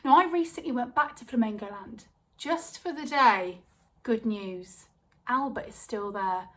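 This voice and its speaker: Young woman storyteller, lively comic delivery, slightly high voice. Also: measured pace. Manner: lively, acts out quoted voices.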